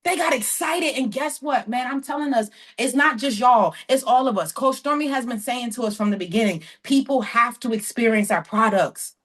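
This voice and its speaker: Excitable New Jersey woman, slightly higher voice, quick animated storyteller on a team call. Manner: fast, excitable, acts out dialogue with others. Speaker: sales team member sharing on a training call.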